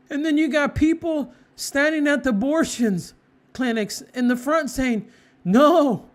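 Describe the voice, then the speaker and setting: A man preaching with fervent conviction, hammering home short repeated phrases. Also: extremely high pitch. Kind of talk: impassioned moral preaching.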